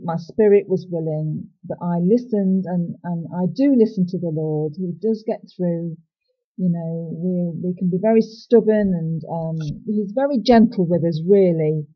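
A woman's voice: on the low side, slightly rough, lo-fi sound. A woman sharing a personal faith testimony in an earnest, reflective and candid way.

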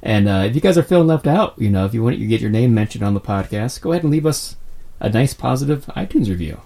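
A man's voice: mid-range voice, animated, quick pace, vocal fry, dark tone. A young man hosting a casual podcast, joking loosely and rambling between announcements. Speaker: podcast host.

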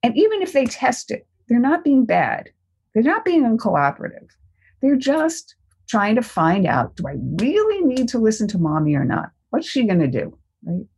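A woman's voice: on the high side, very animated, moderate pace, a little mellow, slightly rough. An older woman, a parenting expert, answering interview questions and telling a family story, acting out the voices she quotes.

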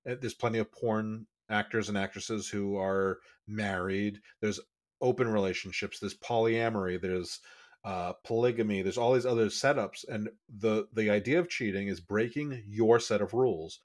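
Male podcast co-host, low-pitched, chatty and rambling. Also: normal speed. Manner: rambling, restarts often, bursts of speed. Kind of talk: casual podcast chat.

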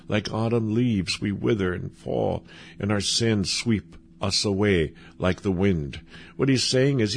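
A man from Minnesota preaching a sermon in a conversational way, pausing and restarting, now and then chuckling. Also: mid-range voice, vocal fry, a little hiss or hum. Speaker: pastor.

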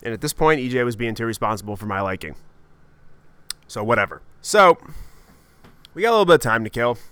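A podcast host spins a comic story in an animated, swearing, self-mocking way. His voice is bright and smooth. The recording is close and dry, with no room sound. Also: mid-range voice, fairly quick, dry recording. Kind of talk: comedic storytelling monologue.

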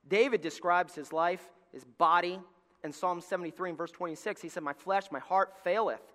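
A middle-aged male pastor preaching a sermon, telling stories and swinging between shouted lines and hushed, soft passages. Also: sits high, normal speed. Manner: storytelling preacher, swings from shouting to near-whispers. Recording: long hall reverb.

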